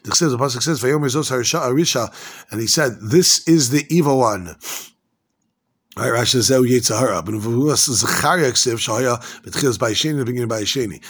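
A man teaching a Talmud class, reading Aramaic and translating it into English in an excitable way. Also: mid-range voice. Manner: rapid, excitable, mixing Hebrew and Aramaic with English.

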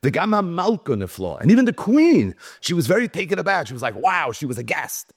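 A man's voice: on the high side, quick pace, husky, dry recording, studio quality. A man teaching a Talmud lecture. He reads Hebrew and Aramaic lines, translates them, and tells the story with animation. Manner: animated storytelling, acting out quoted speakers. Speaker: Torah teacher.

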